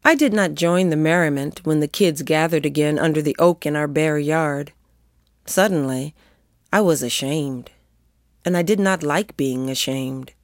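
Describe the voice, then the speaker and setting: A woman reading a first-person story aloud with a lively, expressive delivery. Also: low voice, a little slow, no room sound, studio quality. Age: adult. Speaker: narrator.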